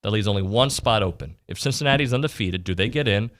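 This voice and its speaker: A man's voice: on the low side, fast talker. A man hosting a sports radio show, chatting casually about college football and often restarting his sentences. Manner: conversational, trails off and restarts.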